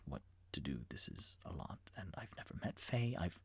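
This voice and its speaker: A man voicing a nervous, careful male elephant-folk bard in a tabletop game, talking in a hushed, stammering whisper. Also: deep voice, big pitch swings, normal speed, slightly rough, no echo, exaggerated voice. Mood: flustered.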